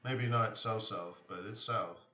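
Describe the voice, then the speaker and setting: A man's voice: on the low side, a little slow, sharp tone. A man hosting a live trading stream, talking casually and rambling a bit as he answers viewers in the chat. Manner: rambling, answers chat questions, many restarts. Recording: roomy, distant, dull sound.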